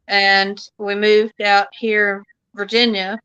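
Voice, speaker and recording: A woman's voice: mid-range voice, flat delivery, slow, bright, forceful tone, smooth, no room sound, dull audio. A woman from the Missouri Ozarks with a Southern accent, chatting folksily as a guest on a live show. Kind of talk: casual chat.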